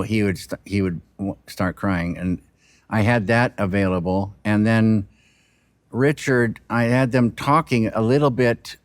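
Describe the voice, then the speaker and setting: Slow, halting man reflecting on directing. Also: lowish voice, dry recording, clean studio sound. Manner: halting, unhurried, trailing off and restarting. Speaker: film director. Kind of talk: reflective interview talk.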